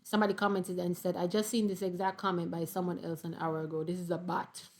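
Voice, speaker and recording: A young woman, reading viewer comments aloud in a sassy, animated casual commentary. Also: lowish voice, quick pace. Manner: sassy, animated, laughs often.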